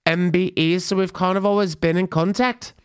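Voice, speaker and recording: Man doing a brash British pop diva impression, chatty and gushing, lively pitch, podcast bit. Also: fast, clear, resonant tone, dry recording, studio quality. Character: brash British pop star woman, thick accent.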